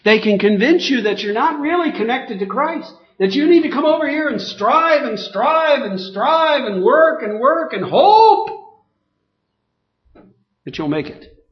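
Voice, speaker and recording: A man with a high voice preaches slowly and emphatically, repeating himself and wandering through fillers. The recording sounds dull and lo-fi. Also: big pitch swings. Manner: emphatic, repetitive, digressive with many fillers. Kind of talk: sermon.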